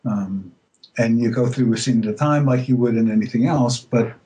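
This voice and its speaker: A man's voice: medium pitch, moderate pace, poor audio. Hesitant man telling stories in an interview. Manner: hesitant, many fillers and restarts; relaxed storytelling, laughs easily. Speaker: voice actor, interview guest. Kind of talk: casual interview chat.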